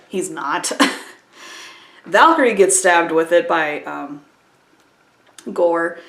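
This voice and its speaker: A woman's voice: on the low side, lively intonation, slow, long pauses, a bit bright. Exasperated woman reviewing a movie. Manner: exasperated, with many restarts and quoted asides. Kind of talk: casual spoken review. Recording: echoey room.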